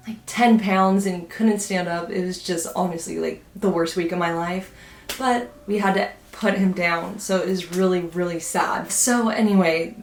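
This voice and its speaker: A young woman telling a spooky story to her vlog viewers in a casual, animated way, acting out what people said. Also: medium pitch. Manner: animated, acts out quotes, many "like" fillers. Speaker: vlogger. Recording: echoey room.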